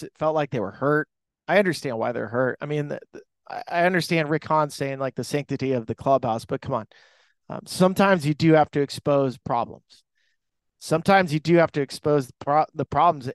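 A man's voice: fairly high pitch, smooth, no echo. Chatty man hosting a baseball podcast. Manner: emotional, rambling, many restarts and fillers. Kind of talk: casual sports talk monologue. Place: airport restaurant bar.

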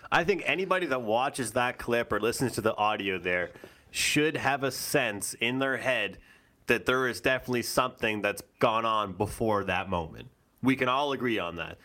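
A man co-hosting a sports talk show, talking through his view in a measured, reasoning way. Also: mid-range voice, expressive, sharp tone. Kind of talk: casual sports discussion.

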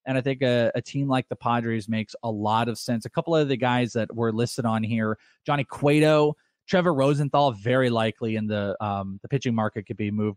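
A man's voice: mid-range voice, dry recording, studio quality. A man co-hosting a sports radio show in casual, upbeat chat.

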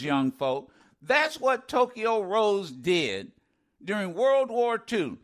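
A middle-aged male radio host with a high voice that swings widely up and down. He talks in an animated, indignant way and throws in sarcastic asides. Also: slow pace. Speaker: radio talk show host. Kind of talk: call-in radio talk.

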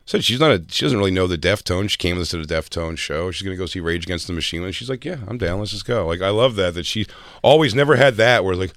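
Low-voiced man trading stories, dry studio. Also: expressive, fast talker, fairly bright tone, dry recording. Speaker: podcast co-host. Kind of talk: casual podcast chat.

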